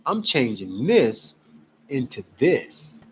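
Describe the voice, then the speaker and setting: A man from Cleveland, Ohio, giving an emphatic, exasperated casual pitch about gold and prices. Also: takes it slowly, a little hiss or hum, poor audio. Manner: emphatic, exasperated, animated preaching. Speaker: gold promoter. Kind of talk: casual selling pitch to camera.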